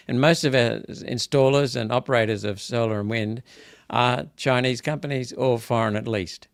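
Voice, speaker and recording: This man, an Australian senator, hosts a live political wrap-up in a casual, repetitive style that swells into indignant, emphatic bursts. His mid-range voice is creaky yet clear and resonant, at normal speed with hardly any pauses, in clean, dry studio sound.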